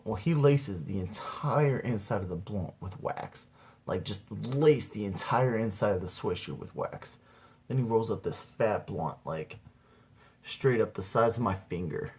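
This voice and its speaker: A man's voice: lowish voice, darkish tone, slightly rough. A young man telling a rambling comedy story about himself, saying "dude" again and again. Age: young adult. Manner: rambling, says "dude" a lot. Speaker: amateur comedian. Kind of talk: stand-up storytelling.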